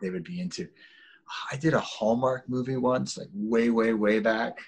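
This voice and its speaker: A man in his forties, an actor being interviewed, talking in a relaxed, rambling way with restarts and laughs. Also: medium pitch, moderate pace, husky. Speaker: actor guest. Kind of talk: casual interview chat.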